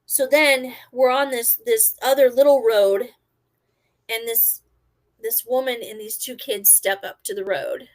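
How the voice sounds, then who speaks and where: A middle-aged woman and former army medic, casually telling a story and acting out her own quotes loudly. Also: a little high, steady tone, a little slow.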